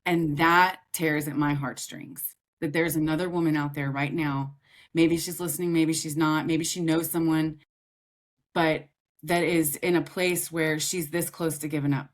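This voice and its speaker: A woman guest on a podcast, an author and grief coach, telling her story candidly and with feeling, often laughing as she talks. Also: low-pitched. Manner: emotional, animated, laughs while talking.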